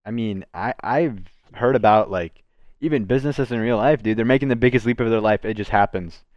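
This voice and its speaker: A man's voice: on the low side, brisk, no echo, muffled recording. Young guy hosting, hypes and teases his buddy, clean voice. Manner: excitable, teasing, says "bro" a lot. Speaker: podcast host. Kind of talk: casual chat.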